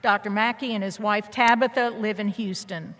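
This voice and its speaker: A woman's voice: mid-range voice, steady tone, normal speed, fairly bright tone. Woman reading a formal speaker introduction. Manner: reads a prepared introduction. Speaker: ceremony presenter. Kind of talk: formal introduction read aloud. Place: large hall. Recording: long reverb of a large hall.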